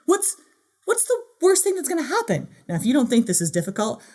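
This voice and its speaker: A woman delivers a motivational keynote, her voice a touch high and swinging widely in pitch. She talks in a playful, animated way and acts out her own inner voice. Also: a little fast. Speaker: keynote speaker.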